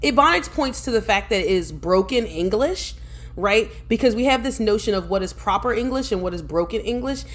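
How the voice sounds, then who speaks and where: A woman talking as a podcast guest, telling lively stories with frequent laughter and restarts. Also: mid-range voice, a little fast. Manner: lively storyteller, laughs often, restarts sentences. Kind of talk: casual podcast conversation.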